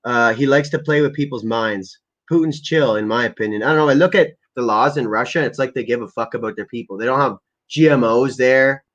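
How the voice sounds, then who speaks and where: A man's voice: medium pitch, brisk, hardly any pauses, a bit bright. A man ranting crudely and rambling on a casual livestream while stoned, as he sets up prank calls. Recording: lo-fi muffled recording.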